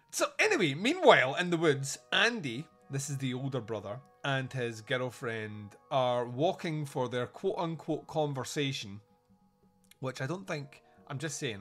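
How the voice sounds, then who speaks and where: A man's voice: mid-range voice, a bit bright. A man hosting a podcast, recapping a movie in casual chat, joking and laughing often. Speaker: podcast host.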